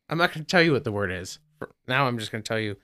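A man's voice: medium pitch, animated, fast, bright, forceful tone. A man co-hosting a casual podcast, running a word-guessing game and teasing the others. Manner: playful, teasing quiz-master. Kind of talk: casual chat.

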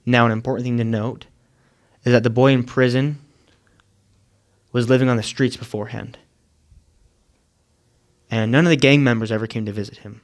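A man telling a moving story in a sermon, measured and earnest, with dramatic pauses. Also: medium pitch, steady tone. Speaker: speaker.

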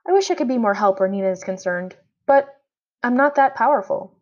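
A woman voicing a calm, gentle alien girl who speaks in a measured way, read from a storybook. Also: on the high side, voice pushed up, close to an everyday voice. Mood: apologetic. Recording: dull lo-fi audio.

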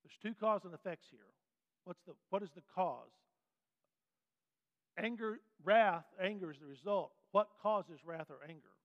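A man teaching a Bible class in a folksy, animated way, putting questions to the class. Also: high-pitched, a little slow. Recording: dull sound with long hall reverb.

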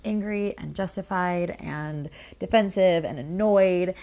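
A woman's voice: fairly low pitch, takes it slowly. A woman co-hosting a podcast, telling a story in a casual chat and acting out the quotes. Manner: lively storyteller, acts out quotes. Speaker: podcast co-host.

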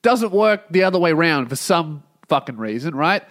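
Australian man, high voice, stuffy blocked nose, exasperated swearing rant, podcast host. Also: lively intonation, normal speed, fairly bright tone. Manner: ranting, exasperated, heavy swearing. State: blocked nose, sounds congested. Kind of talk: casual comedic monologue.

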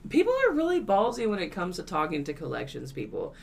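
Man, casual podcast talker, gravelly fry, profane and laughing storyteller. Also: high voice, fast talker. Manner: swears freely, laughs through lively retellings.

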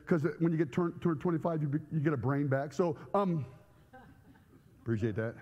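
A man preaching a sermon to a church congregation, telling comic stories with loud outbursts. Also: high-pitched, quick pace, big-room sound. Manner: animated storytelling with comic outbursts. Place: church sanctuary.

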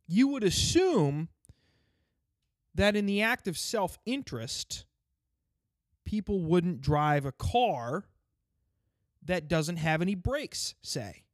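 A man's voice: high-pitched, sing-song, takes it slowly, pauses often, no room sound, studio quality. A man delivering an angry, sarcastic rant full of swearing. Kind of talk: ranting stand-up style monologue. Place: lives in the state he complains about.

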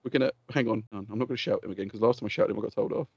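A man's voice: lowish voice, rapid-fire, creaky, a little mellow, breathy edge, dry recording, lo-fi sound. A man co-hosting a podcast, swearing freely and ranting in heated, laughing banter. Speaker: podcast co-host. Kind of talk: casual chat.

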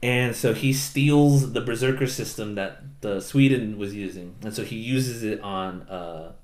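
A man's voice: fairly low pitch, unhurried, darkish tone. A man casually recapping an anime plot, animatedly acting out the characters in silly voices and swearing offhand. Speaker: podcast co-host recapping an anime. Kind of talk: casual chat. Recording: roomy echo.

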